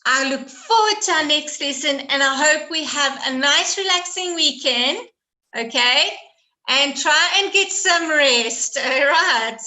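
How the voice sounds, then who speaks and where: A woman's voice: high voice, expressive, unhurried, bright, forceful tone, rough recording. A woman teacher running a quiz lesson, praising and encouraging her students.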